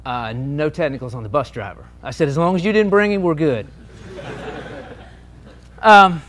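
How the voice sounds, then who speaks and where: A man telling lively officiating stories to an audience at a meeting, acting out the shouted lines. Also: on the high side, moderate pace. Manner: animated anecdotes, shouting out quoted lines. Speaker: sports official and speaker. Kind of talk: storytelling talk to an audience.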